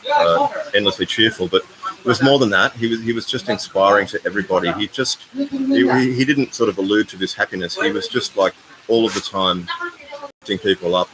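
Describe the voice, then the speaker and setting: A man in his sixties, hosting a casual live stream and rambling as he thanks donors by name. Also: low voice. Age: 60s. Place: residential complex in Bali. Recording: noisy ambient background.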